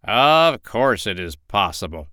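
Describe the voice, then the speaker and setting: A man's voice: on the low side, very animated, takes it slowly, pushed and bright, no echo, clean studio sound, exaggerated voice. A man voicing a smug male pelican in a storybook, drawn out and scolding.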